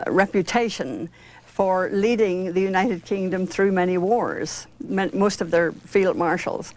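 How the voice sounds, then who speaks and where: A woman's voice: fairly low pitch, darkish tone. Firm, assertive woman panelist. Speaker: debate panelist. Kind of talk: heated televised debate.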